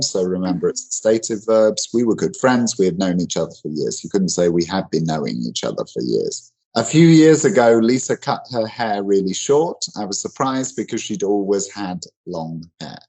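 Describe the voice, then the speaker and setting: A man's voice: low voice, darkish tone, poor audio. A man teaching English grammar in an online lesson, explaining in a loose conversational way with many fillers and restarts.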